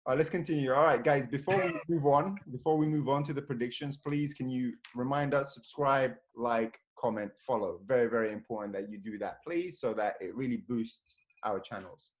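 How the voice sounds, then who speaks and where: Man hosting casual football banter. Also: mid-range voice. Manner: runs the segments, quick-fire prompting. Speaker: podcast host.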